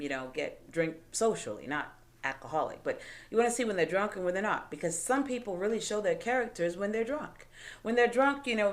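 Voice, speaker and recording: A woman hosting a live advice show, talking emphatically and asking rhetorical questions. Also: mid-range voice. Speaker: host.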